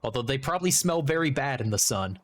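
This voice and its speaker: A man's voice: medium pitch, lively intonation, fast talker. Joking, rambling male streamer. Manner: rambling, joking, self-interrupting. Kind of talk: casual livestream chat while gaming.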